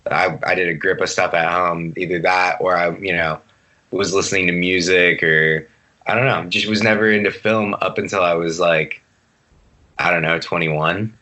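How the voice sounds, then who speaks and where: A man in his late twenties guests on a podcast over a video call, chatting casually in a laid-back, rambling way and swearing freely. His voice sits low, with a steady, sharp tone at normal speed.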